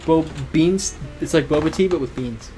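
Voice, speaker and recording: A woman's voice: low voice, normal speed, mellow, faint music behind. A woman co-hosting a podcast in casual chat, rambling and leaning on filler words. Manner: rambling, leans on "like". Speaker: podcast co-host.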